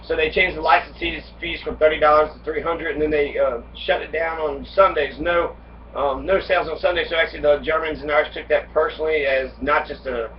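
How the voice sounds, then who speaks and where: A man's voice: a little high, steady tone, brisk. A man giving a casual history lecture, reading passages and then riffing on them with heavy profanity. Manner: acts out immigrants' complaints in angry voice. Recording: dull distant lo-fi recording with faint noise.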